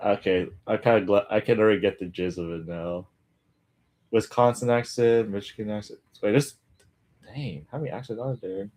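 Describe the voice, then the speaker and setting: A man's voice: lowish voice, a little slow, pauses often, a little mellow. A man streaming his language study, chatting casually, rambling, with muttered asides and chuckles. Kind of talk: casual live-stream chat.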